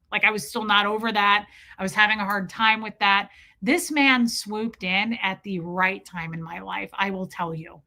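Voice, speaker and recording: Woman in her 30s vlogging a story, bright punchy voice, says like a lot, gets emotional. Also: medium pitch. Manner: chatty, heavy use of "like", emotional. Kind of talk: casual storytelling to viewers.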